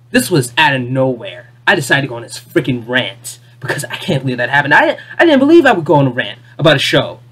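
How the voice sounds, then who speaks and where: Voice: medium pitch, fairly bright tone, husky. Exasperated vlogger on an unscripted rant. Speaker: video creator ranting about a cartoon finale.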